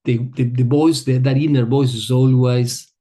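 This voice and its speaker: A middle-aged man who is not an English speaker, teaching a yoga group in a relaxed way, telling a personal story and often searching for words. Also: medium pitch, moderate pace. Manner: relaxed, searching for words, non-native phrasing.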